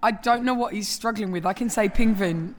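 A woman, a comedy panelist on stage, chatty and quick to argue. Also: mid-range voice, crowd noise. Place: theatre stage before a live audience. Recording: live show with audience behind.

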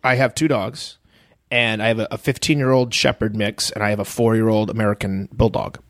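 A man's voice: lowish voice, fairly even intonation, fairly quick, dry recording, studio quality. A middle-aged man chatting as a podcast guest, telling stories animatedly and acting out other people's lines. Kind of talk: casual chat.

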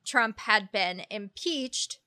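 Bright-voiced woman, wry podcast co-host. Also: medium pitch, slow pace, dry recording. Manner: wry, scoring predictions with dry humor. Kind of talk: casual conversational podcast chat.

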